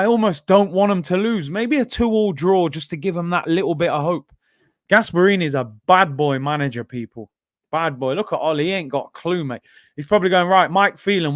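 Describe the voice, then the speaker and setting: A young man hosting a live football watchalong, bantering with chat and reacting loudly to the game. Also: high voice, dry recording, studio quality. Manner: banter-heavy, erupts into shouting at goals. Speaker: watchalong host.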